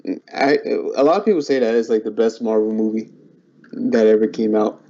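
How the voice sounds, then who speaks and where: A young man chats in an easygoing, agreeable way and hedges often with filler words. His tone is dark and mellow. The recording sounds muffled and lo-fi. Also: on the low side, brisk. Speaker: guest. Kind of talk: casual chat.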